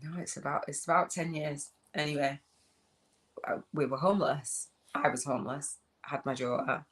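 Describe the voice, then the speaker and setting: A woman's voice: sits low, moderate pace. A woman in her forties with a Leeds accent, rambling chattily through a vlog while walking outdoors. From northern England. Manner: rambling, chatty, restarts often. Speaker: spiritual business coach. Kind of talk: casual vlog monologue. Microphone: phone.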